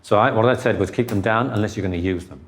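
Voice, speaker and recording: A man coaching a speaker one-on-one, giving calm, encouraging instructions. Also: on the low side, fast. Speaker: presentation coach.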